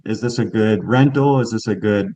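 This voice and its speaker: A man's voice: lowish voice, normal speed, dark tone. A man speaking as an interview guest about real estate investing, explaining at length with frequent fillers. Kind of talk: casual interview talk.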